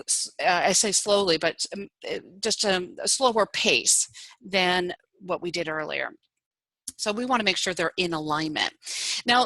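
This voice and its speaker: A woman giving an online presentation on communication styles, lively and demonstrative, varying her emphasis and pace. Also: mid-range voice, dry recording, poor audio. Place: home setup on an online meeting.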